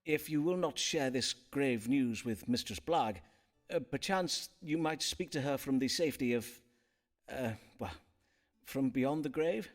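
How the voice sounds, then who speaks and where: An actor voicing a courteous Elizabethan astrologer and physician who speaks in polite, archaic phrasing, in a video game. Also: male voice, medium pitch, measured pace, lightly acted. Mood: grave. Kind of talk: game voice acting.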